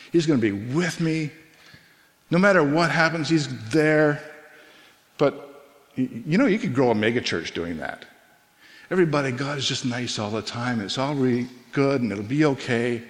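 A middle-aged man of ordinary pitch delivers an earnest, conversational sermon as a pastor. His voice rings out with a long reverb in a church hall. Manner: earnest, conversational preaching with pauses and restarts.

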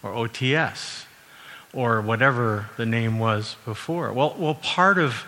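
Man, middle-aged, from Canada, sermon, conversational, filler-heavy, bright tone, long hall reverb. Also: medium pitch, measured pace. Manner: conversational, frequent fillers and self-corrections. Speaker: university president and former minister. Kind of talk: sermon with personal anecdotes.

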